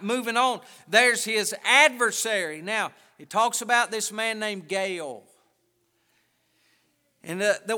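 A man preaching a sermon with emphatic delivery, pausing and restarting often. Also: high voice, pushed and bright, long reverb tail.

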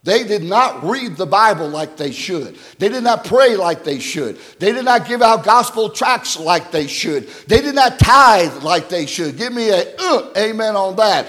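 High-voiced preacher in a reverberant church. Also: male voice, lively intonation, normal speed. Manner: swings from loud high exhortation to hushed storytelling. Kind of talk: sermon.

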